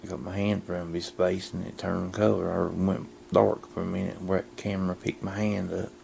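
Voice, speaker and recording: A man vlogging casually with a camcorder, chatting to his dogs and hushing his voice indoors. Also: sits low, flat delivery, moderate pace, gravelly, slight background noise. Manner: talks to his dogs in a coaxing voice, drops to a hush indoors. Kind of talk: casual vlog narration to camera. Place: house indoors, then backyard outdoors. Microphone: handheld camcorder mic.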